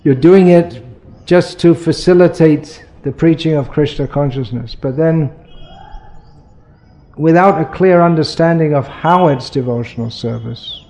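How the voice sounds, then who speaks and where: Measured man with a mellow voice. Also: on the high side. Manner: measured, explanatory, many restarts. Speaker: spiritual teacher answering questions. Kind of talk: question and answer talk.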